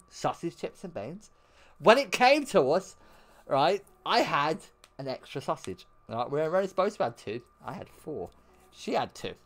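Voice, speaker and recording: A man streaming, telling a profane story to chat and laughing often. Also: on the high side.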